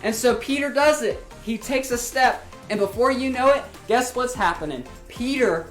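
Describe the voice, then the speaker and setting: A woman leading a children's ministry, retelling a Bible story to kids in an animated storytelling manner. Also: fairly high pitch, normal speed. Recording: roomy with faint music.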